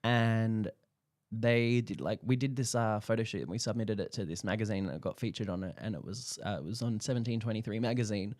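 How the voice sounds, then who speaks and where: A man's voice: lowish voice, a little fast, darkish tone, no echo, clean studio sound. A young Australian man talking as an interview guest, telling stories with lots of fillers, acting out quoted dialogue and laughing often. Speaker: guest photographer. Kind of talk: casual interview chat.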